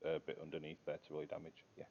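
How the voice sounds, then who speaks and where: A man's voice: extremely low pitch, monotone, racing, vocal fry, a little mellow, lo-fi sound, a little hiss or hum. A man playing a tabletop game, dry and teasing, explaining the dice buttons. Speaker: player. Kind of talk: casual chat at a game table.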